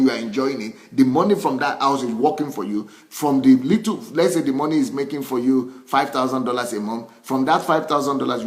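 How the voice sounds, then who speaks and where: A male pastor, a native Yoruba speaker, preaching in an animated, emphatic way, often restarting and repeating phrases. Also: mid-range voice. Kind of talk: sermon.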